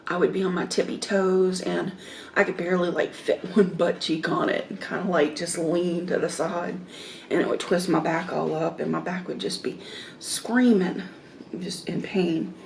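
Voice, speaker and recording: A woman chatting casually while eating on camera, rambling slowly with many fillers. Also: on the low side, creaky, a little hiss or hum. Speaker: mukbang vlogger.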